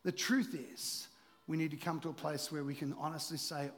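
A man preaching a sermon as pastor, joking with the congregation and sometimes dropping to a hushed voice for emphasis. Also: fairly high pitch, fairly even intonation, normal speed, in a large hall. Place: church auditorium.

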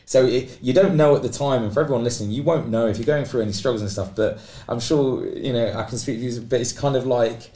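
A man's voice: mid-range voice, fast talker, few pauses. A man, a podcast guest telling a long story and acting out the voices of the people in it. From Britain. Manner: animated, acts out quoted voices. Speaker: guest athlete. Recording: roomy echo.

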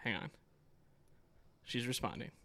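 Man, podcast co-host, casual banter, playful, self-deprecating, bright tone. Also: unhurried.

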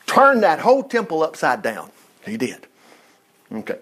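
A middle-aged man preaching an informal sermon, folksy and animated, with chuckling asides to the congregation. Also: a little high, moderate pace, long pauses, husky. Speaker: pastor.

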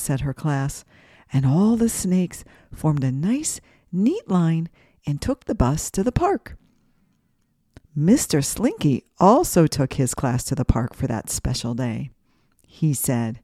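A woman's voice: sits low, sing-song, a little slow, warm tone, no room sound, clean studio sound. A woman hosting a children's podcast, reading a story aloud and guiding breathing exercises in a sing-song, guiding way.

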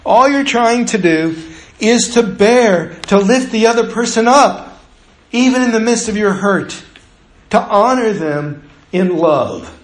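A male pastor preaching in a conversational way, his voice fairly high for a man. He slows and quiets down to drive points home. The sound carries the echo of a roomy church. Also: lively intonation. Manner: conversational preaching that drops to slow, quiet emphasis. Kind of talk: sermon. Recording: echoey room.

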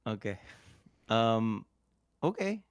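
A man co-hosting a podcast, asking measured questions in a discussion. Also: lowish voice, very animated, clean tone. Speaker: podcast co-host.

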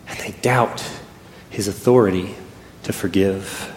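A man preaching a sermon, telling a personal story and swinging between loud and hushed delivery. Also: mid-range voice, very animated, moderate pace. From Texas. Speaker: pastor. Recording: echoey hall with faint ambience.

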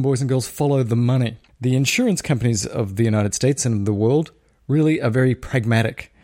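A middle-aged Australian man hosting a casual solo podcast, speaking quietly with a wry, showman's repeated catchphrases. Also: medium pitch, no echo, clean studio sound. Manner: hushed, talking quietly because a baby sleeps. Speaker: daily podcast host.

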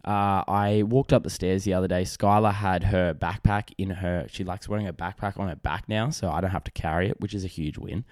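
A man's voice: deep voice, steady tone, a little fast, few pauses, darkish tone, no room sound, clean studio sound. A young adult man, hosting a casual solo podcast and telling rambling stories with lots of fillers and restarts. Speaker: podcast host.

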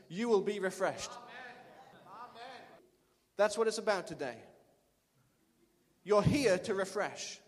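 Pastor, male, high-pitched, emphatic repeater, preaching in a reverberant church hall. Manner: emphatic, repeats lines for the congregation. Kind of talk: sermon. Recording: long reverb of a large hall.

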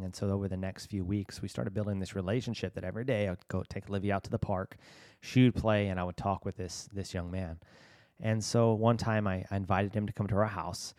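A man with a very low, deep voice tells stories as a podcast guest. He speaks earnestly and livens up his retold conversations, and the recording sounds close and dry with no room echo. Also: brisk, few pauses. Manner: earnest, retells conversations with lively shifts. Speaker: missionary guest. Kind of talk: personal storytelling in a podcast interview. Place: lives in Bangkok.

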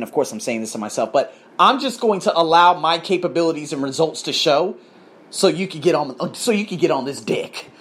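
A man's voice: on the high side, animated, a little fast, a bit bright, husky. An American man hosting a podcast, telling a story in a crude, emphatic, ranting way. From United States. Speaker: podcast host. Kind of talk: casual storytelling.

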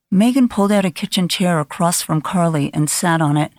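Low-voiced woman narrating an audiobook. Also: expressive, a little fast, hardly any pauses, dry recording, studio quality. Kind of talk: scripted narration.

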